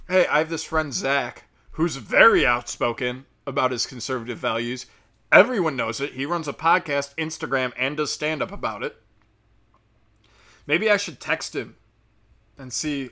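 A man's voice: medium pitch, moderate pace, bright, forceful tone. A man hosting a solo podcast, ranting in a profane, exasperated and sarcastic way. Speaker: podcast host. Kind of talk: casual solo podcast rant.

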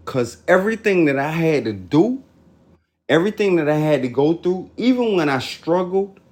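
A man guest-hosting a podcast, making his points slowly and deliberately in a preacher-like way during a heated casual debate. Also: fairly high pitch, big pitch swings, a little mellow. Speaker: guest host.

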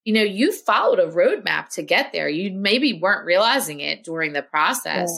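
Woman, health coach guest, bright tense tone, lowish pitch, motivational, casual podcast chat. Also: expressive, moderate pace, creaky. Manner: earnest and encouraging, motivational.

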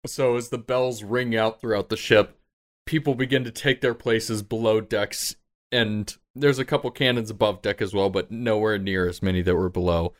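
A man narrating a tabletop game as game master, relaxed, jokey and freely swearing. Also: on the low side, normal speed.

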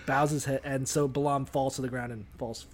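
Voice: medium pitch, steady tone, fairly quick. Profane, jokey podcast storyteller. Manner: profane, jokey, full of fillers. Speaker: podcast co-host. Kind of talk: casual comedic retelling of a bible story.

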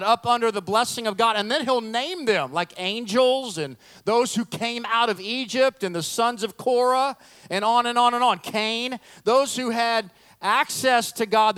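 The speaker is a middle-aged male pastor with a high-pitched, clear, resonant voice. During his sermon he tells animated, funny stories, performing the voices of the people involved and joking at his own expense.

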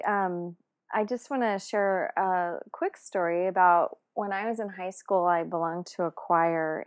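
Chatty woman telling a story. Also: on the low side. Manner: animated, many fillers and restarts. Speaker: guest telling a personal story. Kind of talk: casual personal storytelling.

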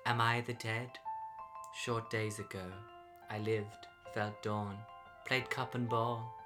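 Man voicing furry creature poet, melodramatic, halting mumble, music bed. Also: on the low side, level tone. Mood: solemn. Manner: mumbling, halting with ums, then panicked yelling. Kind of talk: improvised comedy radio sketch. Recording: music playing behind.

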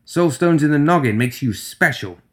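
A small, mouse-like young woman from a storybook who rambles eagerly and nervously, as a male narrator puts her on. Her voice sits well above his usual low tone and skips along in quick, fidgety bursts. The talk is plain and close. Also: lively intonation, close to an everyday voice. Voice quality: mouse-like, high voice.

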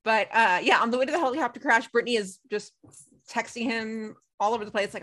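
A young woman co-hosting a casual recap chat, telling the story with lively acted-out quotes. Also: fairly high pitch, quick pace. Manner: animated storytelling, acts out quotes. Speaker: podcast co-host.

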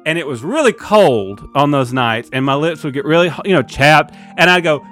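A man's voice: on the high side, expressive, normal speed, fairly bright tone, faint music behind. A man telling a story animatedly, imitating trumpet sounds in comedy banter.

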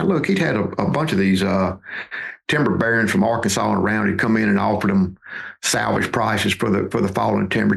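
Guy, late 50s, gravelly low voice, folksy storyteller on a podcast, keeps repeating words. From Mississippi, USA. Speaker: podcast guest, duck hunting outfitter. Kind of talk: conversational storytelling.

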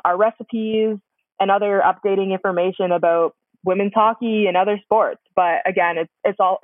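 A woman's voice: fairly low pitch, no room sound. A woman, a hockey player and mentor, answering interview questions earnestly with many ums. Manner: earnest, with frequent filler ums. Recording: thin phone-like call audio.

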